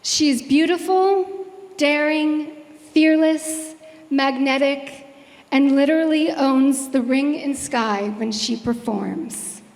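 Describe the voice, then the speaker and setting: A woman's voice: high voice, slow pace, darkish tone, in a large hall. A woman presenting an award at a ceremony, introducing the honoree with admiring, ceremonial words.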